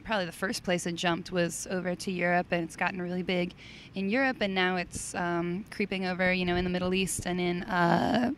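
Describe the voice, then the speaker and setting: An American woman talking casually as a podcast guest, chatty and quick to laugh. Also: lowish voice, flat delivery, slight background noise. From United States. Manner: chatty, laughs easily, teasing. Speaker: podcast guest, CrossFit coach. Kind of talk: casual interview chat.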